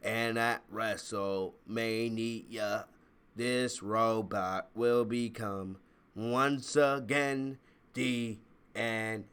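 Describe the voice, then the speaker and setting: A man putting on a slow, mechanical robot voice to mock a female wrestler. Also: fairly low pitch, steady tone, a bit bright, smooth. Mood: cold boastful.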